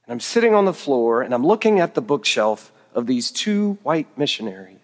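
A man's voice: medium pitch, big pitch swings, normal speed. A middle-aged man preaching a sermon, telling stories with humor and poking fun at himself. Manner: humorous, self-deprecating storytelling. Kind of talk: storytelling sermon. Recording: reverberant hall.

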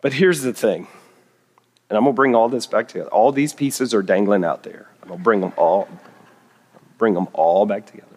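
A man's voice: on the low side, a little fast. A middle-aged man preaching a sermon, telling stories with humor and poking fun at himself. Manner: humorous, self-deprecating storytelling. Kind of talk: storytelling sermon. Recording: reverberant hall.

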